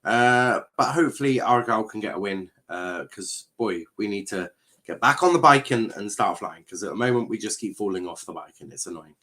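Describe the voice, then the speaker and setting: A man with a somewhat low voice hosts a laid-back football chat stream. He rambles, stops and restarts, fills gaps with ums and uhs, and reads viewer comments aloud as he goes. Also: lively intonation, a little fast, fairly bright tone. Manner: hesitant, lots of fillers and restarts. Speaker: football show host. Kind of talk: casual live-stream chat.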